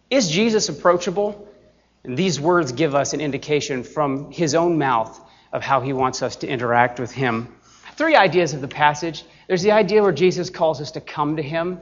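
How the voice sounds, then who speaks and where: A man preaching a sermon as pastor, earnest and emphatic, slowing down deliberately on key phrases. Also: a little high, lo-fi sound.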